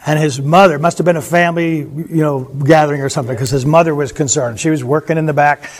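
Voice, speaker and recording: Animated man teaching the Bible. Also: fairly high pitch, fast. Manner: animated, chuckling storyteller.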